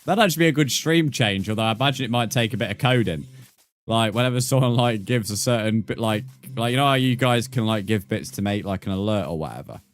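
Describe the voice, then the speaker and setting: A man with a fairly low voice, talking loosely to his viewers while he plays. He rambles and restarts with lots of "like", and tosses in crude, teasing jokes. It is relaxed, live-stream chatter. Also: quick pace. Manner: rambling and crude-joking, full of "like" and "mate". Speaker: game streamer. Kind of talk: casual live-stream chat while gaming.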